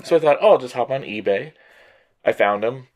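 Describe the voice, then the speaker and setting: Male co-host, casual chat, lively up-and-down pitch, stuffy from allergies, acts out reactions. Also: a little fast. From Colorado. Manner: animated storytelling, mimics others. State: congested from allergies. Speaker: toy show co-host.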